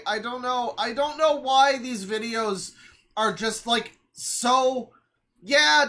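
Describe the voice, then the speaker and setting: Bright-voiced streamer ranting in exasperation. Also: mid-range voice. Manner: exasperated ranting, swearing, bursts of shouting. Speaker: streamer reacting to a video. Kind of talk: live reaction commentary.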